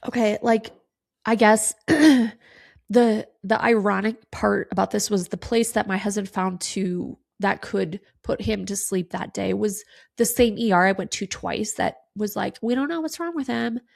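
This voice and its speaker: Woman, 30s, podcast host, candid and sweary, gravelly tone, tearful and sniffly. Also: medium pitch, fairly even intonation, a little slow, a little mellow. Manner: candid, swears freely, lots of "like". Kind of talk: casual solo podcast talk.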